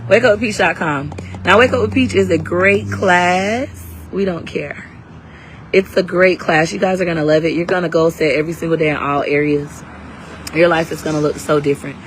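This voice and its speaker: A woman's voice: on the low side, steady tone, moderate pace, a little hiss or hum, rough recording. Brash, hyped woman selling live. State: under the weather. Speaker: live-stream seller and coach. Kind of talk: casual livestream sales talk.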